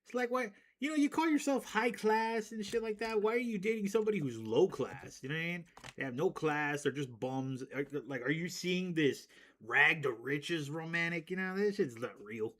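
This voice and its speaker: Profane rambling man, slightly high voice. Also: lively intonation, normal speed, sharp tone. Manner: profane, rambling, laughs at himself. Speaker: streamer. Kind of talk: casual rant to stream chat.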